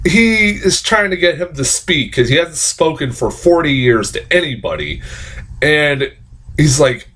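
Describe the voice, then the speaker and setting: A man's voice: mid-range voice, a bit bright. A man giving a casual movie review, swearing often, laughing and rambling with many restarts.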